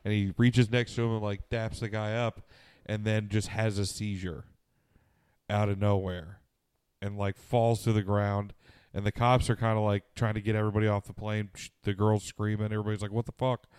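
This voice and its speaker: A man's voice: fairly low pitch, little pitch movement, moderate pace, darkish tone, smooth, dry recording. A man co-hosting a casual podcast, telling a long story with lots of swearing and fillers, tired and sniffly. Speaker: podcast co-host.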